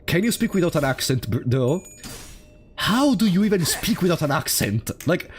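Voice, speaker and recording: Animated Italian-accented male streamer. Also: a little high, moderate pace. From Italy. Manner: animated, laughs often, wry and sarcastic. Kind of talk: casual gaming commentary. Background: faint game music.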